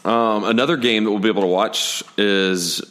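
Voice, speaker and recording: A man's voice: on the low side, fairly even intonation, moderate pace, fairly bright tone. A man hosting casual sports talk who runs through the game picks in a matter-of-fact way and keeps the list moving. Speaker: podcast host running the picks.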